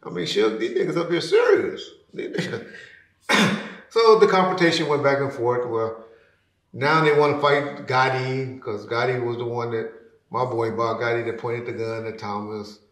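A man telling a story as an interview guest, casual and slangy, acting out other people's lines loudly and trailing off into low mutters. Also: normal speed. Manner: animated, acts out quotes loudly; slangy, drops to a mutter at ends of phrases. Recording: roomy echo.

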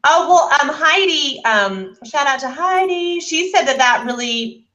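A woman's voice: sits high, animated, a little slow, bright, forceful tone, highs cut off. A woman co-hosting a casual book club chat, blunt and casually profane. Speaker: podcast co-host, discussion leader.

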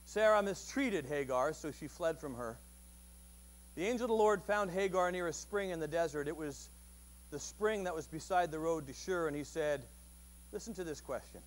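A man with a rather high voice delivers a Sunday sermon at a church service. He talks conversationally, tosses questions out to the congregation and jumps into loud, vivid renditions of the people in his stories. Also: lively intonation, normal speed. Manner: conversational, asks the audience questions; acts out quoted voices with sudden loud bursts. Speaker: pastor.

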